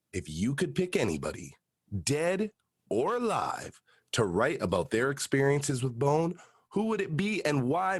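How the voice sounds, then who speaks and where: Podcast host, male, middle pitch, emphatic and casual, dry booth sound. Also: dry recording. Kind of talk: casual chat.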